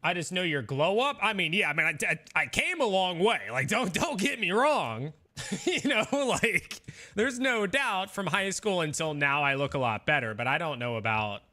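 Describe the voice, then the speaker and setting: Young man, game streamer, rambling defensive chat, very bright sharp tone, lively swooping pitch. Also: normal speed. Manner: rambling, defensive, many fillers. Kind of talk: casual chat with viewers.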